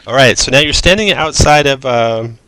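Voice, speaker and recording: A man's voice: medium pitch, lively intonation, normal speed, bright, forceful tone, clear, resonant tone, dry recording. A man narrating as game master of a tabletop role-playing game, mixing descriptive narration with casual asides.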